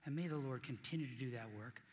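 A man's voice: medium pitch, fast talker, darkish tone, long reverb tail, slight background noise. A middle-aged man preaching a sermon as pastor, earnest and conversational, repeating key points for emphasis.

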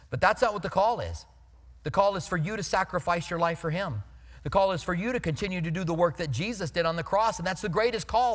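Telling stories as he preaches, a male pastor keeps his sermon conversational and emphatic, and his voice drops low whenever a point turns serious. The sound is slightly bright and echoes as in a large room.

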